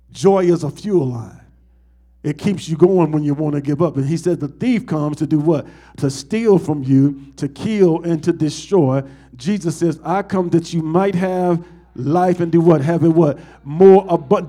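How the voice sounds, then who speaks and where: A man's voice: fairly high pitch, a little slow, mellow, slightly rough. A man, a pastor, preaching a sermon to his congregation and asking them call-and-response questions.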